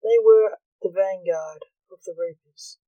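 A woman reading a short story aloud in a plain, unhurried storytelling manner. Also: medium pitch, no room sound, lo-fi sound. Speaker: narrator.

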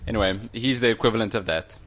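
A man's voice: fairly low pitch, quick pace, fairly bright tone. A man co-hosting a casual podcast, enthusiastic, often restarting his sentences. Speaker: podcast co-host. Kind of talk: casual chat.

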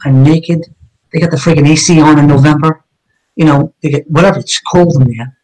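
A man's voice: fairly high pitch, brisk, a little mellow, low-quality recording. A man, a police officer, telling his own story in a conversation, blunt and emphatic with heavy cursing.

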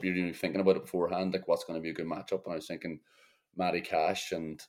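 A man's voice: deep voice, little pitch movement, racing, a little mellow. A man co-hosting a football podcast, chatting bluntly with swearing and laughs. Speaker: podcast co-host. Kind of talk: casual football chat.

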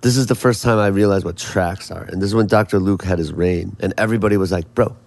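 A man's voice: low voice, fast, creaky, a little mellow, no echo. A man telling stories as an interview guest, rambling and profane, with many restarts. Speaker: songwriter and producer guest. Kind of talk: casual storytelling interview.

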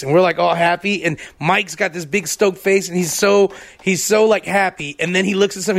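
Fast-talking, gravelly young man. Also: sits high. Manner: fast, animated storyteller. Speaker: podcast co-host. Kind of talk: casual podcast chat.

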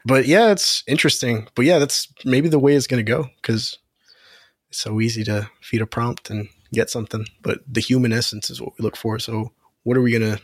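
A man co-hosting a podcast in casual chat, relaxed and explaining things at length. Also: medium pitch, brisk, slightly rough, no room sound, studio quality. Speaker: podcast co-host.

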